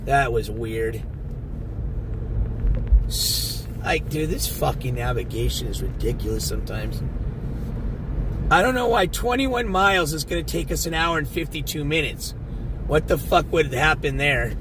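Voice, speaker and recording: A man's voice: a little high, lively intonation, measured pace, pauses often, noisy background. A man live-streaming from inside a car, chatting casually with viewers, swearing often and rambling. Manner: profane, rambling, talks to his chat. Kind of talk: casual live-stream chat while driving.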